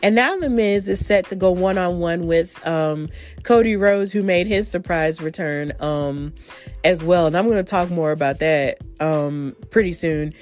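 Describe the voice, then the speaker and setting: A woman hosting a solo wrestling podcast, recapping events in a casual, excitable storytelling manner full of slang. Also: on the low side, a little slow, faint music behind. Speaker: podcast host.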